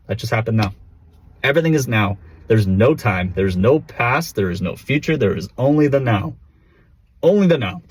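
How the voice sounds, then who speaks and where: A man's voice: mid-range voice, slight background noise. A man vlogging casually to camera, rambling with restarts and calling people "bro", recorded without a proper mic. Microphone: built-in camera or phone mic.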